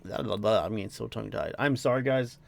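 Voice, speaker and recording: A man's voice: lowish voice, fast, creaky, dry recording. A young man reading a manga aloud and reacting casually, tired after work, swearing, laughing and easily sidetracked. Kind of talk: casual read-along reaction. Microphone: dry home mic.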